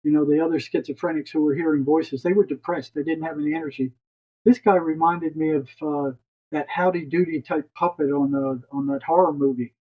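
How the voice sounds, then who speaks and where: A man's voice: a little high, steady tone, fairly quick, breathy edge, muffled recording. An older retired psychotherapist, a man, telling a long story as a podcast guest, rambling and restarting his words.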